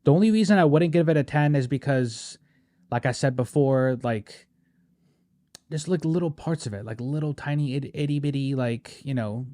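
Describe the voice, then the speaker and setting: A man's voice: medium pitch, moderate pace, mellow, no echo, studio quality. A man hosting a podcast, chatting casually and animatedly, peppering his talk with "bro" and "right?". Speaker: podcast host. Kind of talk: casual chat.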